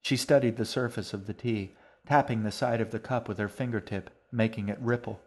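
Man, low voice, storybook narrator, calm even reading. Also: fairly quick.

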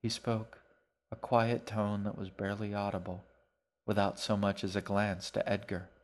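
Guy narrating his novel, low voice, slow and pretty flat. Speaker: author reading his own novel. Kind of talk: scripted narration of a serialized novel podcast.

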